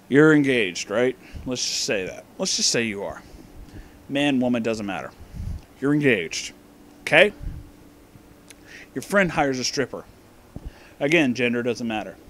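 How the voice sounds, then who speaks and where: A drunk man rambling through a profane, meandering movie commentary, often losing his place, recorded in his office. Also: medium pitch. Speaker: movie reviewer.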